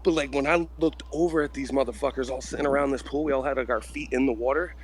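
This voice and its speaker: A man's voice: mid-range voice, fairly even intonation, fast, slight background noise. A young man telling a long story in casual group chat, rambling with lots of "like" and swearing. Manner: rambling, heavy use of "like" and swearing.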